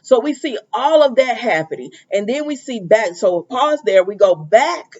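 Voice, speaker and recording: A woman's voice: fairly high pitch, expressive, moderate pace, darkish tone, muffled recording. A woman giving a casual, chatty recap of a soap opera episode, acting out the characters' lines and often trailing off with "or whatever.".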